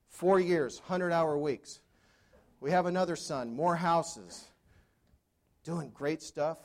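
A man in his sixties giving a storytelling keynote to a live audience, conversational, with dry humor and questions to the crowd. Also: fairly high pitch. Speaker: motivational speaker.

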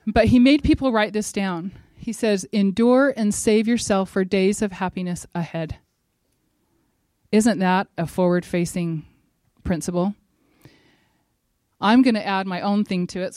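A middle-aged woman giving a devotional talk at a church gathering, earnest and emphatic, building to forceful exhortation. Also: mid-range voice, fairly even intonation, moderate pace, no echo.

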